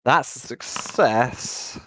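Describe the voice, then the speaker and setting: A man narrating as game master of a tabletop game, relaxed and chatty with frequent fillers. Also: mid-range voice, drawn-out words. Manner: relaxed and chatty, laughs often, many fillers.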